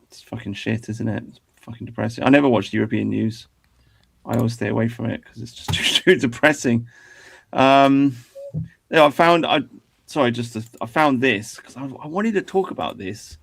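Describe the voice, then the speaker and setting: Male host, gravelly voice, blunt and profane casual talk. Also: mid-range voice, normal speed, a bit bright, no room sound. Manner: blunt, swears often, calls people mate. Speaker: podcast host. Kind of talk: casual political chat.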